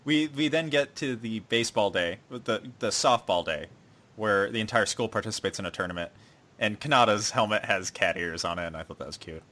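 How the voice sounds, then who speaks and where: A man's voice: lowish voice, animated, a little fast, pushed and bright. A man co-hosting a casual podcast, retelling scenes in a rambling way and slipping into playful acted quotes. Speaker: podcast co-host.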